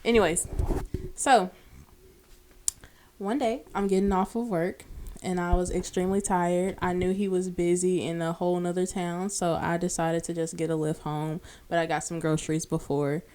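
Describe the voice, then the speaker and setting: A woman's voice: fairly low pitch, moderate pace. A young woman guest on a podcast, casually telling a long personal story and acting out the dialogue. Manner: animated storyteller, acts out quoted dialogue.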